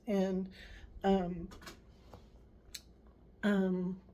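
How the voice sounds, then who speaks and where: A woman speaks slowly to her own channel, her voice near tears. She pauses often, restarting her sentences as emotion catches up with her, in an everyday mid-range voice. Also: mid-range voice, steady tone, darkish tone, rough recording. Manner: halting and emotional, many fillers and restarts. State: tearful. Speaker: channel host. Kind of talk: personal vlog.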